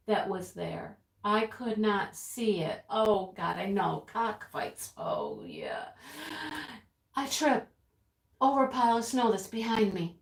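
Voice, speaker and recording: An actress playing a chatty middle-aged woman who tells viewers a dramatic rooster story in a breathless, giggling way. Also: mid-range voice. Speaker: livestream storyteller. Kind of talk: sketch comedy monologue to viewers. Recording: roomy echo.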